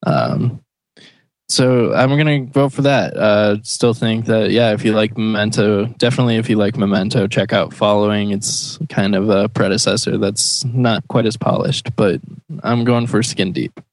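A man on a casual movie podcast, hesitant and filling pauses with uh. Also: fairly low pitch, no echo. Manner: hesitant, filler-heavy. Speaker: podcast co-host. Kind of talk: casual chat.

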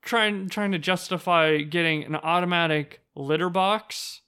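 A man's voice: high voice, measured pace, bright, forceful tone, clean tone. A man co-hosting a podcast, chatting casually and rambling through a story, laughing often and swearing freely. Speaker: podcast co-host. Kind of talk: casual chat.

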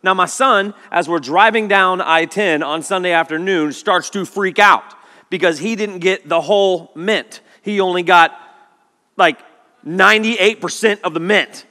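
Animated man preaching in echoing hall. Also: high-pitched, measured pace. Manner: animated storytelling with acted-out quotes. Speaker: pastor. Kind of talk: sermon. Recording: long hall reverb.

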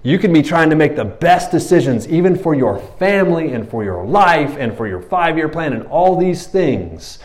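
A man preaching a sermon as pastor, animated and conversational, acting out Bible characters in quick voices. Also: fairly high pitch.

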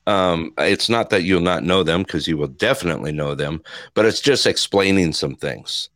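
A man's voice: deep voice, moderate pace, a bit bright, no echo, clean studio sound. A man hosting a live call-in radio show, upbeat and folksy, laughing often between his lines.

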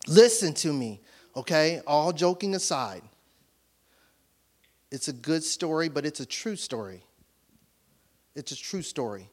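A man preaching as a pastor in a church, telling a personal story with animated voices for each side of a conversation and laughing often as he talks. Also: on the high side, unhurried, pauses often. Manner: animated storytelling, acting out both sides of conversations; laughs often while talking. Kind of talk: sermon.

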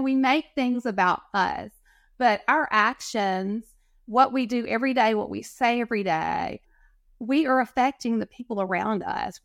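Woman, higher voice, animated storyteller, quotes dialogue, dry close mic. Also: no room sound. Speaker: podcast guest. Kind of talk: casual storytelling interview.

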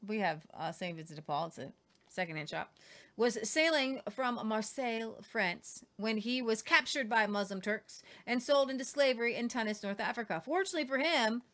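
Female host, casual history talk, higher voice, reads quotes with offhand asides. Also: fairly bright tone. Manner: chatty, stumbling over names, jokey asides.

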